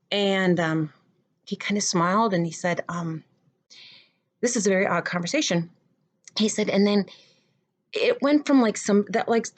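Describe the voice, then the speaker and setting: Lively low-voiced woman telling a story. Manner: animated retelling, acting out dialogue with pitch jumps. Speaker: theater professor. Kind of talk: personal storytelling.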